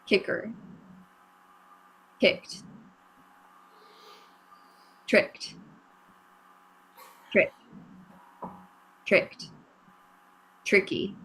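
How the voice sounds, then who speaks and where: Husky, very slow player hinting at charades answers on a video call. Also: mid-range voice, sharp tone, rough recording. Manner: slow, hesitant guessing and hinting. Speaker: guest player. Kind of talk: acting out charades clues.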